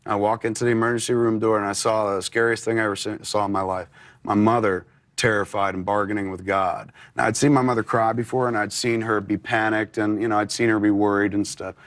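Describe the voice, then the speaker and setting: A man's voice: lowish voice, flat delivery, brisk. A man in his forties, an interview guest, telling a personal story candidly with many fillers.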